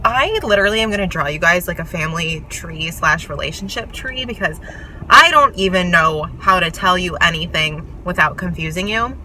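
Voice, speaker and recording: A woman's voice: on the low side, expressive, normal speed, bright, forceful tone, low-quality recording. A young woman chatting casually and gushing about her books in a vlog, recorded in a car. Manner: chatty, gushing, self-mocking. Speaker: book vlogger. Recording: car noise behind. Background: car road noise.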